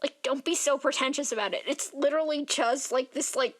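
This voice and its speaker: A woman's voice: sits high, fairly quick. A tired young woman chatting casually in a vlog, rambling and filling her talk with "like" as she yawns. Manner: rambling, filler-heavy, says "like" constantly. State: tired, yawning. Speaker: art vlogger.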